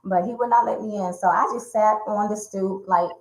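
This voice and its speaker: A woman's voice: mid-range voice, fairly even intonation, normal speed. A woman guest in an interview telling a personal story and acting out the voices she quotes. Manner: vivid retelling that acts out quoted voices. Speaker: interview guest, domestic violence survivor and speaker. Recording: roomy echo.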